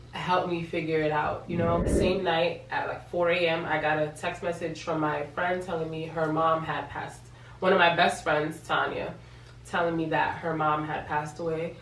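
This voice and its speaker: A young New York woman with a low, fairly bright voice shares a personal story in a casual vlog, getting emotional and repeating words for emphasis. The recording picks her up from a distance in an echoey room with a faint hum.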